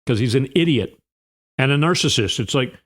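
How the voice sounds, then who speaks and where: A man's voice: mid-range voice, expressive, normal speed. A man hosting a podcast, delivering a rambling, sarcastic political monologue with an indignant edge. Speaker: podcast host.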